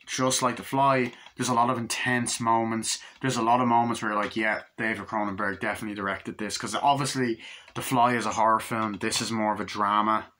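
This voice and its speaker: A man talks through a movie in a loose, rambling way, swearing freely and retelling scenes. His voice has a bright, forward tone at a middling pitch. He talks the way someone chats casually to a camera. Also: level tone, a little fast, a little hiss or hum. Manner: loose, profane, full of fillers and retellings. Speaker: movie reviewer. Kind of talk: casual rambling film review.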